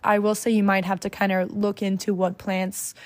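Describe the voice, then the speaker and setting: A woman's voice: medium pitch, level tone, moderate pace. A young woman from the United States hosting a solo podcast in a casual, chatty way, full of fillers and self-corrections. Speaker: podcast host.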